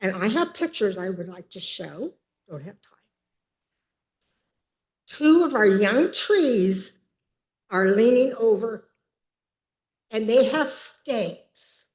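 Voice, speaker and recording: A woman in her seventies speaking at a city council meeting, emphatic and upset, pausing as she tries to hold herself together. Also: a little high, animated, darkish tone. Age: 70s. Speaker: public commenter. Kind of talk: public comment at a council meeting.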